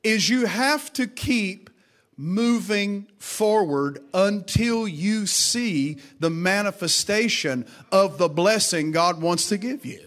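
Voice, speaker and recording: Man, pastor, sermon, high voice, emphatic, repetitive, calls on congregation. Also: slow pace, a bit bright. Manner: emphatic, repeats lines, calls for congregation responses. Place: church service with congregation.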